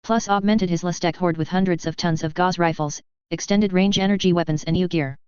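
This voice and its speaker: Reader voicing a calm, amused male officer; dry briefing manner, very smooth voice, muffled close recording. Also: mid-range voice, brisk, no echo, natural voice.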